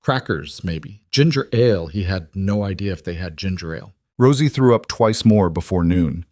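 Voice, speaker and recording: A man narrating a scripted drama story in an even, measured way. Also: deep voice, dry recording, studio quality.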